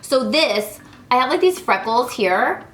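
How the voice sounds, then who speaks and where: A woman's voice: a little high, expressive, a little slow, fairly bright tone, roomy sound, slight background noise. A woman in her thirties chatting through a makeup tutorial, bubbly and talking straight to her viewers. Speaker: beauty vlogger.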